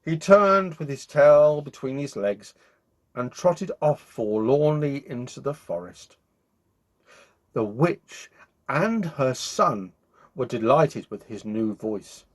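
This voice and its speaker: A man hosting his own show, reading a children's bedtime story aloud in an expressive, animated way. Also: medium pitch, takes it slowly. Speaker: storyteller host.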